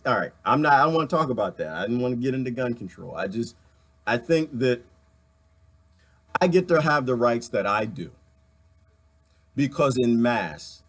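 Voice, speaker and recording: A man in a casual ranting monologue to viewers, talking into a phone, his voice swinging from loud to soft and breaking into laughs. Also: medium pitch. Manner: animated, swings loud and soft, laughs often, talks to chat. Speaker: online talk host.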